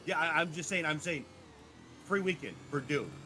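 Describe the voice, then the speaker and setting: A man co-hosting a casual gaming chat, animated and joking, tripping over his words. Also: on the high side, moderate pace, a little hiss or hum. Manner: animated, joking, stumbling restarts. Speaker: gaming video co-host and streamer.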